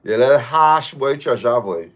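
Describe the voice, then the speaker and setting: A man's voice: mid-range voice, animated, moderate pace. A man, hosting a live show and reading listener stories aloud with laughing, mock-outraged asides.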